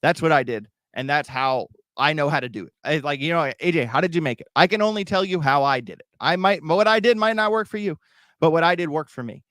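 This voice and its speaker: A crypto YouTube host runs a livestream, talking casually and ramblingly to viewers, often restarting and repeating himself. His voice is fairly high and fairly bright, a little fast, with studio-quality sound and no echo.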